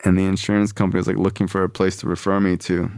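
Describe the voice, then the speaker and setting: Low-voiced man telling his story, dry sound. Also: racing, no room sound. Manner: animated, swearing, acts out quoted people. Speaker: podcast guest. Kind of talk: personal storytelling.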